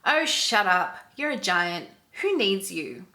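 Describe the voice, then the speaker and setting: A woman's voice: mid-range voice, sing-song, slow pace, sharp tone, roomy sound, heavily acted. A woman voicing a rude, aggressive American woman in her sixties in a read-aloud story, with snide, mocking lines.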